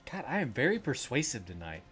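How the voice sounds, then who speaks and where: A man's voice: mid-range voice, faint music behind. A man playing a tabletop game, joking with the table. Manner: slow, lively, joking. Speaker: player.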